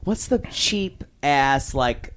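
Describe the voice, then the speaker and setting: A man's voice: medium pitch, animated, slow, a bit bright, smooth. A man co-hosting a podcast, chatting casually, swearing and gossiping. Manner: swearing, gossipy, slips into mocking quotes. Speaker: podcast co-host. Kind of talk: casual chat.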